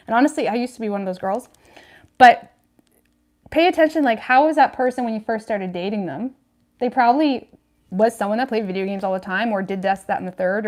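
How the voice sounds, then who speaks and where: A woman giving a casual livestream tarot reading, chatty and frank, with lots of "like" and "you know what I mean," laughing between points. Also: on the high side. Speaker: tarot reader.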